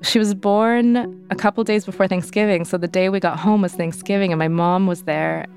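A young adult woman tells her personal story as an interview guest, candid and conversational, with many fillers and acted-out quoted voices. Her medium-pitched voice is a little mellow and fairly even, a bit fast, over soft background music.

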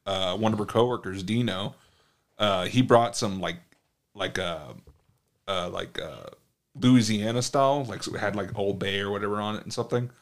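A man's voice: fairly low pitch, moderate pace. A man co-hosting a casual chat podcast, telling funny food stories with lots of swearing and laughter. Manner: animated storytelling, swears often, laughs a lot. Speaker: podcast co-host.

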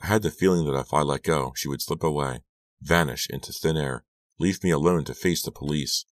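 A man reading an audiobook aloud as first-person narration, steady and measured. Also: extremely low pitch, dry recording. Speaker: audiobook reader.

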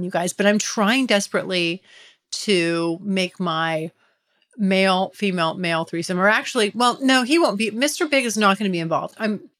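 Woman podcast host, candid casual monologue, chatty and giggly, average pitch. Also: a bit bright. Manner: chatty, giggly, confessional, addresses listeners directly.

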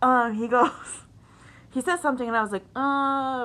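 A woman's voice: high voice, moderate pace, a bit bright. A young woman co-hosting a casual chat podcast, telling profane stories and quoting others, laughing often. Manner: profane, storytelling with quoted voices, laughing often. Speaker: podcast co-host.

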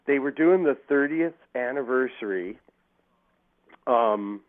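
This podcast guest speaks in a mid-range, expressive voice and takes his time. Calling in on a thin, phone-quality line, he rambles through profanity-laced stories, performing the quoted lines with heavy cursing.

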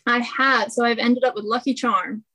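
A woman's voice: a little high, steady tone, moderate pace, pushed and bright, husky, low-quality recording. A young woman from Scotland with a faint Scottish accent, a hiker talking as a podcast guest, cheerful and often laughing. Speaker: guest, long-distance hiker. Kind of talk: casual interview.

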